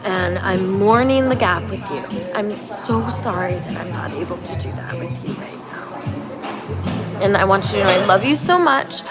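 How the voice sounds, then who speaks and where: A woman voicing an earnest mother who pleads with her grown daughter, speaking slowly in therapy-style phrases. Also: medium pitch, animated, over loud music, close to an everyday voice. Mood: pleading.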